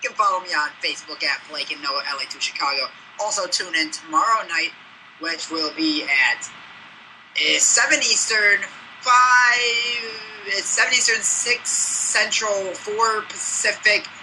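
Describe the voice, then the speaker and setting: A man's voice: high-pitched, normal speed, sharp tone, slight background noise, rough recording. A man co-hosting a casual sports podcast, teasing the others with snarky quips. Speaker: podcast co-host.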